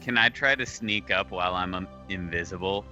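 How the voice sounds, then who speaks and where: A man's voice: deep voice, a little fast, bright, forceful tone, muffled recording, soft background music. A man playing in a tabletop game, casual and playful. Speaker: player.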